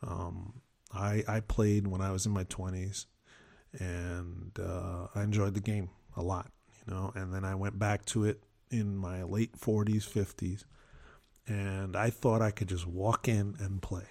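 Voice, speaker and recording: A man in his fifties chatting casually on a podcast, telling rambling stories with animated asides. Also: low voice, a little slow, gravelly. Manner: rambling, with frequent restarts and animated quoted asides. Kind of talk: casual storytelling chat.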